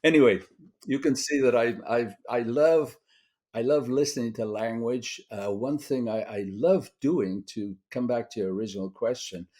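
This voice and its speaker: A man's voice: medium pitch, normal speed, mellow. An older man from Britain, a guest screenwriter telling rambling stories in a casual interview, full of fillers and restarts.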